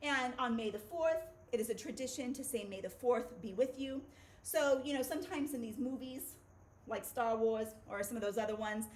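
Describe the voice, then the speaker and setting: A woman's voice: on the high side, darkish tone. A woman teacher giving a children's phonics video lesson in an upbeat, playful way.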